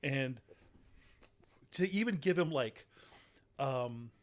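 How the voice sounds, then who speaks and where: A man chatting on a movie podcast at a middle pitch, rambling from thought to thought. He swears freely and breaks into laughs between points. The talk is loose and unscripted. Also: lively intonation, slow. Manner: rambling, profane, laughs often. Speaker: podcast co-host. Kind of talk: casual movie podcast chat.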